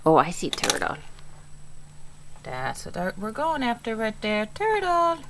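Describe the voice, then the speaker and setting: A woman's voice: on the high side, wildly swooping pitch, a little slow, background noise. A mother filming a home video, coaxing and cheering on her toddler in a sing-song, baby-talk way.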